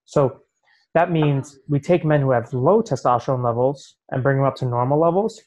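A man, a naturopathic physician, explaining hormones in a casual interview, animated and peppering his talk with "right?". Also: medium pitch, moderate pace, rough recording.

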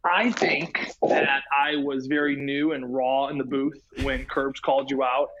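A man co-hosting a sports podcast, telling stories in a lively, self-mocking way and acting out what people said. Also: mid-range voice, measured pace, dull audio, background noise. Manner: animated storyteller, acts out quotes. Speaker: podcast co-host, former hockey player. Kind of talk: casual chat.

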